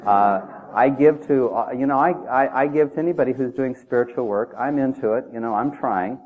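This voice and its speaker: A man preaches in a punchy, talky manner, tossing rhetorical questions at the congregation. His voice sits at an ordinary male pitch. The sound is thin and narrow, like a phone line. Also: moderate pace. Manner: emphatic, conversational, with rhetorical questions. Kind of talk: sermon. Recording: tinny phone-like audio.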